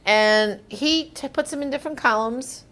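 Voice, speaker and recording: A woman's voice: sits high, normal speed, a bit bright. A woman hosting a live show, reading viewer comments and answering them in an emphatic, conversational way.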